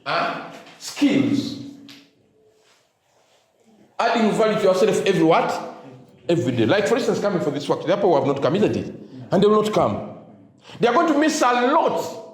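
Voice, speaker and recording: A man's voice: sits high, big pitch swings, normal speed, pauses often. A man giving a motivational talk to teachers, leaving sentences open with "what?" for the audience to fill in and mixing in Luganda phrases. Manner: call-and-response, asks "what?" for the crowd to fill in. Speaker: motivational speaker. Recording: echoey room.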